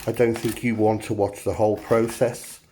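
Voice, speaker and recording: A man's voice: fairly low pitch, level tone, normal speed, dark tone, a little hiss or hum. A man hosting a cooking show, talking the viewer through a recipe in a jokey, self-mocking way. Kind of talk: cooking demonstration.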